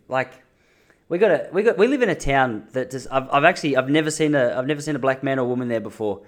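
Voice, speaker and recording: An Australian man talking casually in a vlog from an apartment lounge room, rambling and joking at his own expense. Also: mid-range voice. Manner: joking, rambling, self-mocking. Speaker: vlogger.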